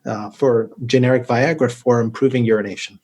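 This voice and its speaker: A man's voice: medium pitch, fairly even intonation, fairly quick, a little mellow. Man explaining with joking stories. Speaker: urologist guest. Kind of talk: podcast interview.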